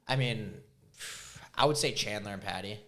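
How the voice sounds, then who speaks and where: A man in his twenties co-hosts a podcast, chatting casually and telling stories with plenty of laughter. He is an animated storyteller with a lowish voice, talking at a normal speed.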